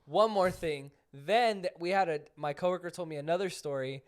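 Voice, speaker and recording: A young man co-hosting a podcast, telling stories in an animated casual way and laughing often. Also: a little high, brisk, clear, resonant tone. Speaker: podcast co-host. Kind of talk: casual chat.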